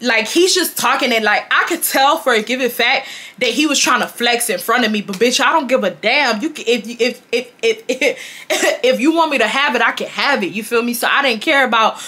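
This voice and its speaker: A young woman from the United States telling a casual storytime to her viewers, animated, slangy and profane. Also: a little high, brisk, slightly rough. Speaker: storytime vlogger.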